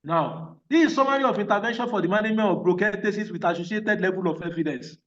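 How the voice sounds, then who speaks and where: A man's voice: sits high, quick pace, a bit bright. Emphatic male lecturer, distant dull mic. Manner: emphatic, repeats questions to check understanding. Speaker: physiotherapy lecturer. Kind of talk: online training lecture.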